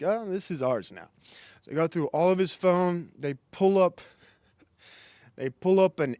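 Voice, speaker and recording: A young streamer and comedian rambles through a self-deprecating livestream monologue, reading the chat, often restarting and laughing. His voice is high yet darkish in tone, recorded dry with clean studio sound.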